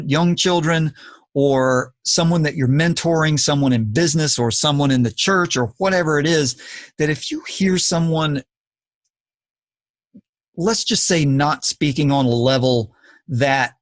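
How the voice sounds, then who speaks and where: A man's voice: a little high, measured pace, no echo. Earnest man lecturing on a podcast. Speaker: podcast host. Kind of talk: casual podcast talk.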